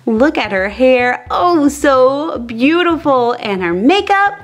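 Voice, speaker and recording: A woman with a very high, bouncy voice narrates pretend doll play for a toy channel. She takes her time, gushing playfully over each surprise. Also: sing-song, slow.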